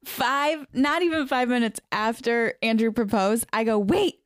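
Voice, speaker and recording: A woman's voice: on the high side, moderate pace, clean tone, dry recording, clean studio sound. A woman co-hosting a podcast in casual chat, teasing and laughing often. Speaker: podcast co-host.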